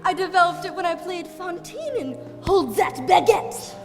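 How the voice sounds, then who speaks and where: A woman's voice: very high-pitched, animated, normal speed, faint music behind. A young woman on a school stage playing a theatrical young bride who gushes dreamily, recorded in a reverberant auditorium. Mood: flustered. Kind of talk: school stage musical acting. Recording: reverberant hall, distant stage sound.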